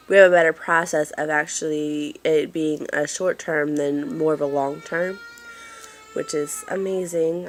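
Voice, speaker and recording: A woman chatting casually in a home vlog, apologetic and rambling with lots of fillers, filming on a handheld phone in a dim room. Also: low-pitched. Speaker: mother giving a family update.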